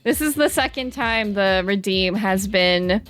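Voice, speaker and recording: A woman's voice: mid-range voice, lively intonation, a little slow, a bit bright, faint music behind. A young woman with a Southern American accent, chatting casually with her live-stream chat in a bubbly, dramatic way. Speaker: VTuber streamer reading chat.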